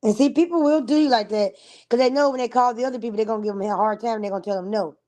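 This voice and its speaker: A woman with a fairly high voice talks bluntly on a casual livestream, piling up pointed questions and swearing freely. Her voice sits close and dry, with no room echo. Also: very fast, mellow. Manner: blunt, profane, emphatic. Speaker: livestream host.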